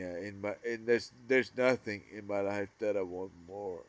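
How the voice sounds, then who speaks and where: A man vlogging an emotional, rambling monologue about missing his brother, swearing and swinging between loud outbursts and hushed murmurs. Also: lowish voice, steady tone, normal speed, few pauses.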